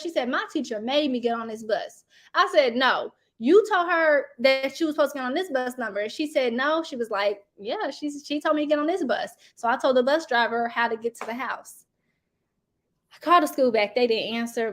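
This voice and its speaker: A woman, telling a story to her viewers in a casual, animated way and acting out the people in it. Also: fairly high pitch. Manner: animated, talks straight to viewers, acts out quoted people. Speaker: host.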